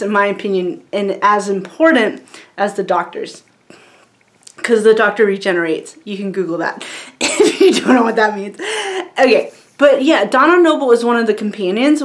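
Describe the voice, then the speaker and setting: A young woman talking straight to camera in a loose, rambling vlog. Her voice sits a bit high, and she giggles often and fills pauses with "like" and "um". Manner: rambling and giggly, many fillers. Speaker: vlogger. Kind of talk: casual chat to camera.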